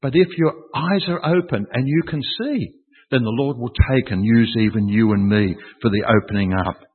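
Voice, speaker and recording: A man's voice: medium pitch, moderate pace, breathy edge. A man preaching a sermon, emphatic, repeating key phrases and asking rhetorical questions of his listeners. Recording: tinny, echoey hall with long reverb.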